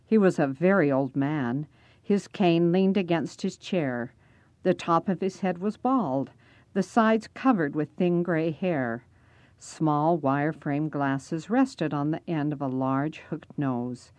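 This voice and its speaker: A woman's voice: low-pitched, takes it slowly, a little mellow, no room sound. A woman narrating a first-person story aloud, reading expressively.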